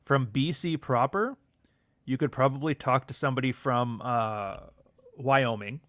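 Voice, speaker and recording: A man's voice: medium pitch, measured pace, a bit bright, no echo, clean studio sound. Rambling Canadian man on a livestream. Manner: rambling, profane, reads chat aloud. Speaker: livestream host. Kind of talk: casual livestream chat.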